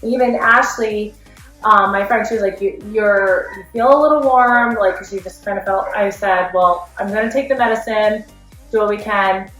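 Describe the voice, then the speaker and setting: A woman's voice: medium pitch, fairly bright tone. A woman in her thirties, a running coach, talking candidly and heartfelt in a rambling way with lots of fillers. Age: 30s. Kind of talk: candid personal vlog. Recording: echoey room, faint music.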